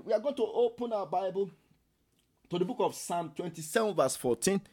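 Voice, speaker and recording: A man leading a prayer meeting sermon, emphatic and repetitive, swinging between soft and loud, at times speaking in tongues. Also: high-pitched, lively intonation, brisk. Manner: speaks in tongues while praying. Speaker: prayer leader.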